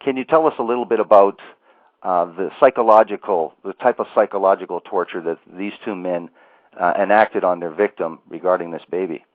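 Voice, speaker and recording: Deep-voiced male host on a phone line. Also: a little fast, no room sound. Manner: asks long questions with restarts. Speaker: interview host. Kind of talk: phone interview questions.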